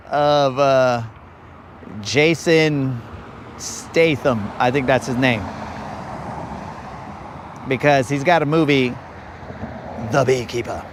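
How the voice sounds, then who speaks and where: A man's voice: on the high side, a little hiss or hum. A young man hosting a live fishing stream outdoors on a lake, rambling and telling jokey stories. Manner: rambling, joking storyteller. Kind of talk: casual live-stream chat.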